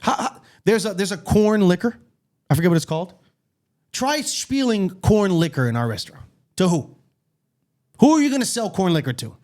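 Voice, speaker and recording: A man co-hosting a podcast, chatting in a blunt, animated way and swearing freely. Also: high-pitched, moderate pace, pauses often. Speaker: podcast co-host. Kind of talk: casual chat. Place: studio.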